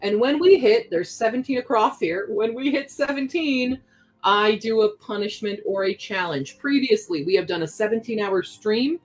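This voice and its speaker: A woman's voice: fairly high pitch, expressive, moderate pace, poor audio. A young woman chatting casually with her stream viewers while she works on a craft project, reading chat aloud as she goes.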